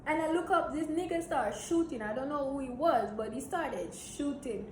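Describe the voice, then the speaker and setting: A young woman from Jamaica, telling a story in a blunt, animated, swearing way. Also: high voice, moderate pace, faint music behind. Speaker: vlogger. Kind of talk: storytime vlog. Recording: roomy echo, faint hiss.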